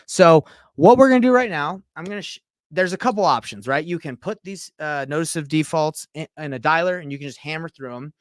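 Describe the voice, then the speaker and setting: A thirty-something man from Utah, working as a real estate coach, talks a little fast with lively intonation in a voice on the high side. It's a live-streamed screen-share tutorial, delivered casually and chattily while he reads text messages aloud and reacts. The recording is dry and studio quality.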